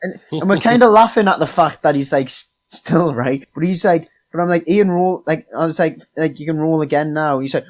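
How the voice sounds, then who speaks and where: A man's voice: a little high, fairly quick, few pauses, low-quality recording. Rambling young man game master. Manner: rambling storytelling full of fillers and quoted voices. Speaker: podcast co-host, game master. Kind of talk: casual chat.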